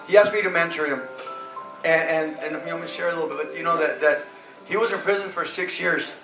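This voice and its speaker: A man's voice: a little high, steady tone, fast, bright, forceful tone. A man preaching to a congregation as pastor, telling a story with quoted dialogue and lots of repeats. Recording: roomy hall, mic far off, music behind.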